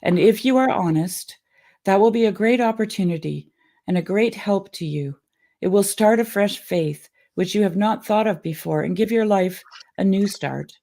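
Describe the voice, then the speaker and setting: A woman's voice: mid-range voice, moderate pace, warm tone. A woman reading an old sermon aloud in an earnest, emotional way, then chatting casually.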